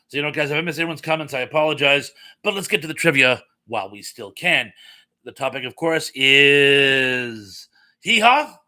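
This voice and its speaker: A man's voice: on the high side, fast talker, sharp tone, no room sound. A man hosting a casual live stream, reading viewer comments aloud in a chatty, easily flustered way.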